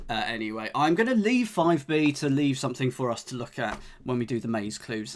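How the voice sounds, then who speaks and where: A man streaming a crossword solve, talking casually with his viewers. He thinks out loud and jokes along the way, with a middle-pitched, everyday voice. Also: very animated, normal speed. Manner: chatty, jokey, thinks aloud, talks to chat. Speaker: streamer solving cryptic crosswords with live chat. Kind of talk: casual live-stream chat.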